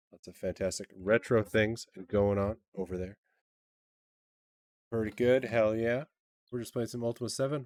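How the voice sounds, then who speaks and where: A man streaming a game live, chatting with viewers in a relaxed, friendly way and reading game text aloud. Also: on the low side, no echo. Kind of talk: livestream gameplay commentary and reading.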